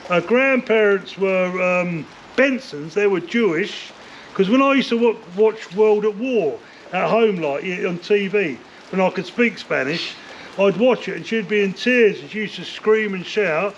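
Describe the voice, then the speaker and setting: Over a faint hiss on a dull lo-fi recording, an older ex-bare-knuckle fighter speaks a little slowly in a voice that sits high for a man. As a guest in a casual interview, he spins long, wandering stories, swearing liberally and saying "like" and "you know" a lot.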